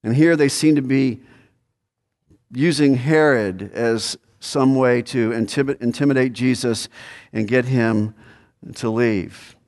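A man's voice: mid-range voice, slow pace, darkish tone. Man preaching in an echoing hall. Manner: conversational, questioning, emphatic. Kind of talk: expository sermon. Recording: hall reverb.

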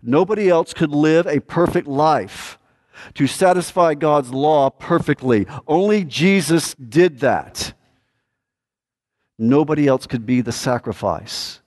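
A male pastor preaching a sermon, emphatic and repetitive, swinging from loud declarations to a hushed, earnest plea. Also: on the high side, slow pace.

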